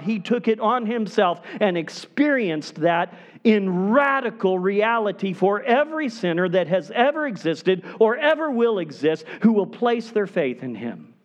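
A male pastor preaching a sermon in a high, strongly expressive voice that swoops up and down. He speaks unhurriedly and leans hard on key words, then drops almost to a hush to drive a point home. The delivery is earnest and emphatic throughout. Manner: emphatic preaching, dropping to hushed tones for emphasis.

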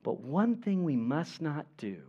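Male pastor, fairly high voice, earnest emphatic sermon delivery, dull lo-fi recording. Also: sing-song, mellow. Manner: earnest, emphatic preaching with pauses.

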